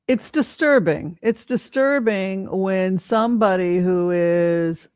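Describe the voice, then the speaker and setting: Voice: mid-range voice, slow pace, a little mellow, clear, resonant tone, dry recording. Rambling tarot reader, dry sound. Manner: rambling, hesitant, many fillers and restarts. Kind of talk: casual livestream commentary with tarot reading.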